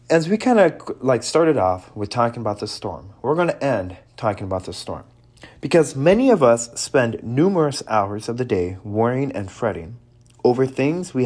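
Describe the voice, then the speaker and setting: A man giving an earnest devotional sermon, reading scripture and reflecting on it, with halting restarts and quiet drops in his voice. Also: mid-range voice. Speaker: preacher.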